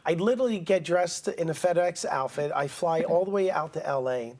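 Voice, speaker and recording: A man's voice: a little high, fairly quick. A man telling stories as an interview guest, acting out the people he quotes. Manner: animated storyteller acting out quotes. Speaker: guest, writer-director-producer. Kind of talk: casual storytelling interview.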